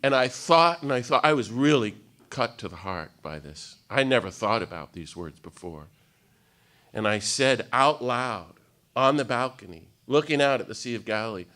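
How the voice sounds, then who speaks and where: A man in his fifties giving a storytelling talk to an audience at a retreat day, animated and self-mocking with humor. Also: medium pitch, moderate pace. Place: meeting room with live audience.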